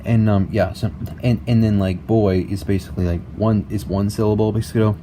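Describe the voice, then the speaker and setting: A young man explaining a music game tutorial in a halting way, repeating words and filling with "basically" and "like", recorded on a laptop mic at home. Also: lowish voice, fairly even intonation, noisy background. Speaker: tutorial maker. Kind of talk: casual screen-recorded tutorial.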